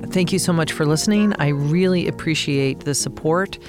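A woman from Colorado hosting a podcast, reading a scripted season wrap-up in a measured, appreciative way. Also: low-pitched, music in the background. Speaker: podcast host.

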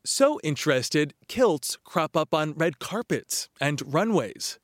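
A man narrating a news feature in a measured scripted voice-over. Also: on the high side, very animated, a bit bright, no room sound, clean studio sound. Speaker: news reporter.

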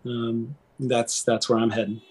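A middle-aged man and former pastor talking candidly as a podcast guest, earnest and animated, often checking in with "right?". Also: mid-range voice, a little slow, breathy edge. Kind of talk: candid conversational interview.

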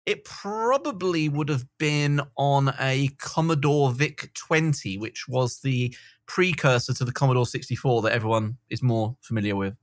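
A middle-aged man chats in a loose, unhurried way, dotting his speech with fillers. His voice sits at an average pitch. The sound is close and dry. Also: dry recording. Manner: relaxed, many fillers. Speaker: guest. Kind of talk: casual podcast interview.

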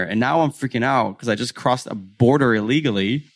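Animated man recounting a border mishap. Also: fairly low pitch, brisk, creaky, dry recording, clean studio sound. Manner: animated, acts out dialogue. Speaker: podcast guest. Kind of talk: storytelling.

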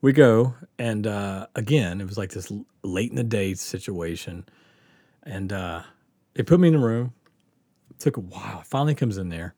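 A man hosting a comedy podcast, telling a story in a casual, animated way, swearing freely and laughing as he goes. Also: fairly low pitch, normal speed, no room sound. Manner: animated, profane, laughing through his story.

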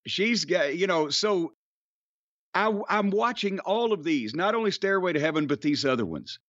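Loud, bright, sarcastic podcast man. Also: high-pitched, animated, moderate pace, no room sound, lo-fi sound. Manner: gruff, sarcastic, bursts into mock singing. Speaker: podcast co-host. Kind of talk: profane casual chat.

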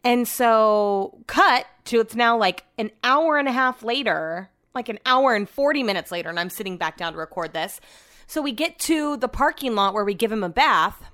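A woman's voice: fairly high pitch, lively intonation, moderate pace, a bit bright. A young adult woman hosting a podcast from home, telling rambling everyday stories and swearing freely. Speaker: podcast host. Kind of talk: casual chat. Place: home, upstairs room.

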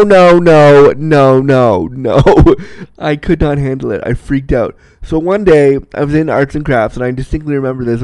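A young man telling a personal story in a casual, animated, self-mocking way, laughing often. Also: a little high, no room sound.

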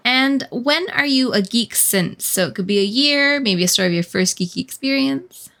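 A woman from Canada hosting a casual interview, playful and quick to laugh. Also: a little high, lively intonation, gravelly, fairly bright tone. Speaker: interview host.

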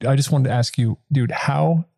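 A man co-hosting a film podcast, animated and casual, often saying "dude". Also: medium pitch, moderate pace, creaky, dry recording, clean studio sound. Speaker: podcast co-host. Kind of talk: casual movie discussion.

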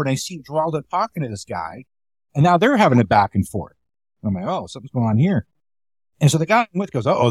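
A man's voice: a little high, no echo. Man spinning rambling club stories. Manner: rambling anecdotes, acts out quoted lines. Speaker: comedian telling club stories. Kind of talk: casual storytelling chat.

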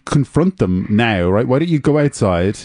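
A man's voice: mid-range voice, animated, moderate pace, a little mellow, dry recording, studio quality. A man hosting a comedy call-in show, patiently steering callers with "look" and "right". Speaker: radio call-in host. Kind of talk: improvised comedy talk radio.

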